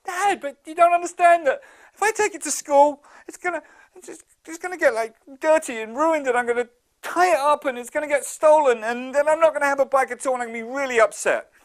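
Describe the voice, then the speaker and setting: A man voicing a pessimistic young boy who wails his complaints in a high, sobbing voice. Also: fast talker. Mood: tearful whining.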